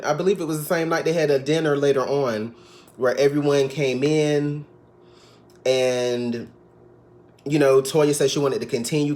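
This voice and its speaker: Man, recap vlogger, sassy gossip, slightly high voice, casual chat. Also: a little mellow.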